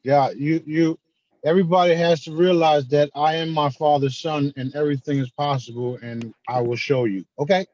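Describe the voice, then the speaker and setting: A man's voice: on the high side, steady tone, normal speed, a little mellow, dull audio. A man hosting a video call group, talking in a laid-back, boastful way. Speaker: host. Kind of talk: casual chat.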